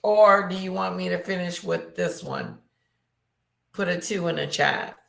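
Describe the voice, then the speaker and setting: Brief: gravelly, low woman streamer, roomy echo. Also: fairly bright tone. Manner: unhurried, talks to chat. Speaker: livestream host. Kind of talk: casual livestream chat. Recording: echoey room.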